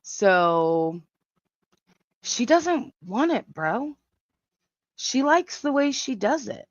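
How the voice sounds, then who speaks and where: A woman chatting bluntly on a livestream, speaking in a slow, dismissive way. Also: on the high side, sing-song, no echo. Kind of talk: casual livestream chat. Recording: dull, dry lo-fi audio.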